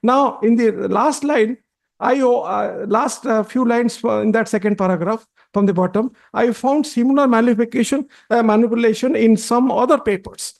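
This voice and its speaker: Male advocate, high voice, halting courtroom argument, deferential to the bench. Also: fairly even intonation, vocal fry, darkish tone. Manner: halting, deferential, constantly repeats "my lords". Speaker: advocate arguing before a judge.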